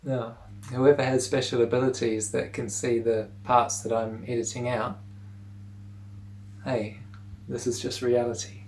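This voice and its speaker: A man teaching pronunciation in a relaxed video lesson, repeating words slowly for the listener to say along. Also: mid-range voice, low-quality recording.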